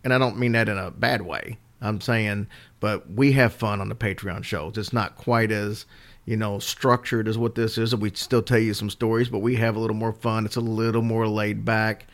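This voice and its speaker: A relaxed man co-hosting a podcast, his voice sitting a little low. He talks in a loose, meandering way, full of little fillers and restarts. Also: normal speed. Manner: rambling and easygoing, with fillers. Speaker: podcast co-host. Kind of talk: casual chat.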